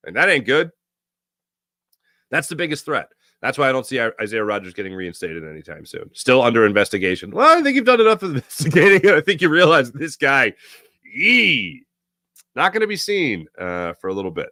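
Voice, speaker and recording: A man's voice: medium pitch, big pitch swings, brisk, pushed and bright, dry recording. A man hosting a sports talk show, rambling in a casual monologue and laughing often.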